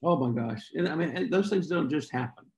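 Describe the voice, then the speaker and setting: A man, a podcast guest telling his story in a folksy, unhurried way with frequent throat clearing. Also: a little high, a little mellow, echoey room, poor audio. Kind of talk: storytelling interview chat.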